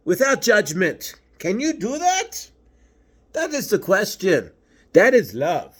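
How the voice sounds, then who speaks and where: A man's voice: high voice, full character voice. A man channeling a patient, preachy male spirit master, lecturing through earnest rhetorical questions.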